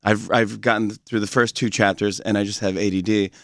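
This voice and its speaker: A man who hosts a talk show, guesting in a radio studio and telling stories in a casual, animated way with lots of laughing restarts. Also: lowish voice, fairly quick, creaky, no room sound.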